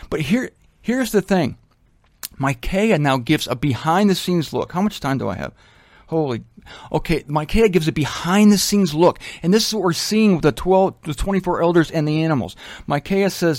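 A man's voice: on the high side, expressive, normal speed, darkish tone, dry recording. A man teaching from the Bible in a casual, conversational way, with joking asides. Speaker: preacher.

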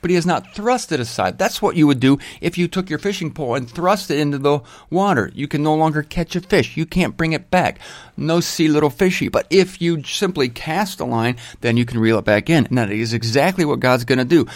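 A man's voice: a little high, lively intonation, fairly quick, few pauses, no echo. Folksy male Bible teacher, dry close sound. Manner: folksy, self-deprecating asides and jokes. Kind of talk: informal Bible study sermon.

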